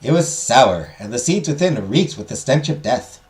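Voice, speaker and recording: A man's voice: mid-range voice, lively intonation, normal speed, natural voice. A man voicing a theatrical female magical history teacher, telling a legend with a swooping, dramatic lilt. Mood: storytelling. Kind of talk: reading visual novel lines aloud.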